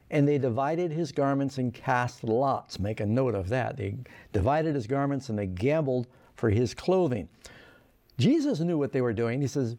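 A man's voice: mid-range voice, big pitch swings, normal speed, warm tone. A man preaching a sermon, reading scripture aloud and stressing key lines with earnest emphasis.

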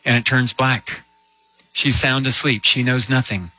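A man delivers a sermon in a bright, forward voice at an ordinary pitch. He tells a story and keeps asking rhetorical questions, slowing and dropping low on the heavy points. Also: fairly even intonation, dull audio. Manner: storytelling with rhetorical questions and slow emphatic drops. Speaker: preacher.

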